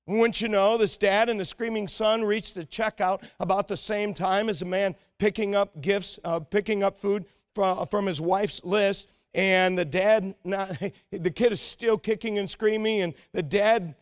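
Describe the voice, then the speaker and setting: Earnest, slightly high-pitched male preacher. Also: fairly even intonation, unhurried, clean tone. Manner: earnest and exhorting, often dropping to a quiet, intense tone. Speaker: pastor. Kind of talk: sermon.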